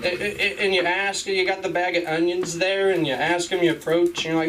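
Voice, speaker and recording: A man's voice: high-pitched, fairly even intonation, brisk, few pauses, a crowd in the background. A young man doing a stand-up comedy set, rambling and giggling through his bits, with an audience laughing. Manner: rambling, giggly, trailing off with fillers. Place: comedy club stage. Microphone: stage microphone. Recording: live club recording from a distance.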